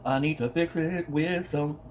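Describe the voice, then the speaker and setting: A man's voice: fairly high pitch, unhurried, darkish tone, slight background noise. A man talking casually to the camera while he eats, playful, humming and breaking into little sung bits between bites. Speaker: mukbang vlogger. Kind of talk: casual eating vlog talk.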